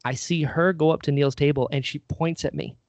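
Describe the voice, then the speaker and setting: A man's voice: on the high side, fairly even intonation, brisk, darkish tone, no echo. A man telling a story in casual chat, animatedly acting out what people said.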